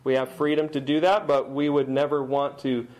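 A middle-aged man preaching a sermon, emphatic in delivery, slowing down to read scripture aloud. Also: medium pitch, flat delivery, a little mellow, rough recording. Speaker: pastor.

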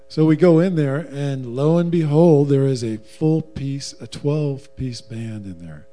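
Dark-voiced man, wry storyteller. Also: medium pitch, slight background noise. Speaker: guest, husband, former professional musician. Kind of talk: casual personal storytelling.

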